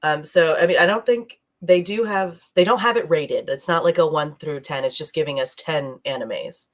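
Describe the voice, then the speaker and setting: A woman's voice: low voice, moderate pace. A woman co-hosting a podcast in casual, rambling chat, laughing often as she talks. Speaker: podcast co-host. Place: streaming live.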